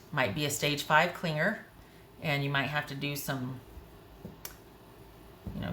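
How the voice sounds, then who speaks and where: Woman, tarot reader, low-pitched, candid and conversational, faint hiss in an echoey room. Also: pushed and bright. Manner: frank, conversational, talks to herself while pulling cards. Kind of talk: tarot reading to camera.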